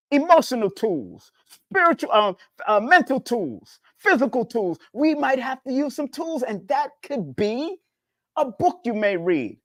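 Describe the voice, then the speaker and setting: A numerology teacher gives a casual spiritual talk, preachy and repetitive, his pitch swinging up and down. His voice is a bit bright, recorded in clean studio sound with no echo.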